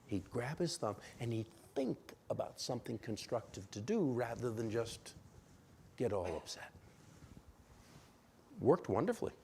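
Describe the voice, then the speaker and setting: A man preaching a sermon in a church, telling a story with lively acted-out quotes and questions to the congregation. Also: mid-range voice, unhurried, vocal fry, pauses often, a little hiss or hum. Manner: animated storyteller, acts out quoted voices, asks congregation. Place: church sanctuary.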